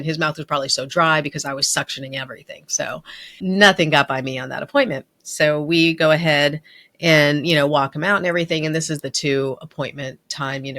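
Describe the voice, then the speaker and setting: A woman's voice: sits low, a bit bright. A middle-aged woman hosting a podcast, telling a work story in a candid, self-deprecating, conversational way. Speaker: podcast host and dental practice speaker. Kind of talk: storytelling monologue.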